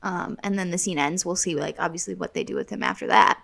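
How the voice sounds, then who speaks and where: A woman's voice: fairly low pitch, quick pace, gravelly, a bit bright. A young woman co-hosting a podcast in casual chat, recapping scenes and acting out the characters' quotes. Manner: chatty, acts out quotes from scenes. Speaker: podcast co-host.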